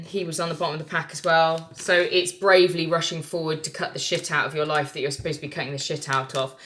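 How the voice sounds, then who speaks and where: A woman's voice: deep voice, bright, forceful tone. A woman giving a casual tarot reading, blunt and lecturing, who swears freely. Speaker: tarot reader.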